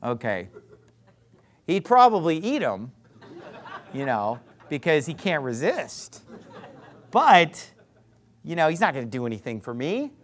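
A man preaching a fiery sermon as pastor, sarcastic and combative, swinging between loud emphatic lines and muttered asides. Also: a little high, wildly swooping pitch, unhurried, pauses often.

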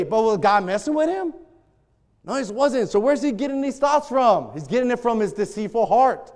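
A man preaching a sermon as a pastor, animated, acting out quoted prayers. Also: extremely high pitch, normal speed, in a large hall.

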